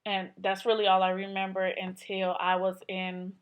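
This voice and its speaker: A woman's voice: mid-range voice, monotone, moderate pace, clean tone. Chatty young woman telling a story. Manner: chatty, filler-heavy, acts out quotes. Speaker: vlogger. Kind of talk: casual personal storytelling.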